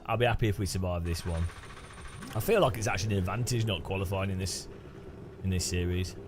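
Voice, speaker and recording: This British man speaks fast in a low voice, streaming a racing game over music. He keeps up casual commentary while joking with his viewers and teasing them.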